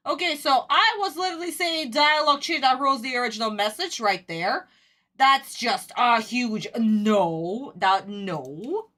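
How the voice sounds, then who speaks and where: Bright, swearing, exasperated woman streamer. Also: fairly high pitch. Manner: exasperated, ranting, swears a lot. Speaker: streamer reacting to a cartoon. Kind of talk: casual live-stream reaction.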